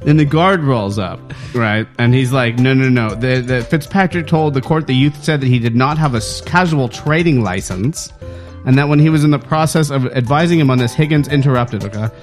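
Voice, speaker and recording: A man's voice: medium pitch, fairly quick, faint music behind. A man co-hosting a comedic talk show, reading out a local news story with playful announcer flair and laughing asides.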